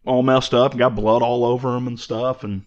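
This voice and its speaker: A man's voice: mid-range voice, flat delivery, brisk, darkish tone. Easygoing man, slightly muffled audio. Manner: easygoing, filler-heavy storytelling. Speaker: podcast co-host. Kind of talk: casual chat, retelling a movie.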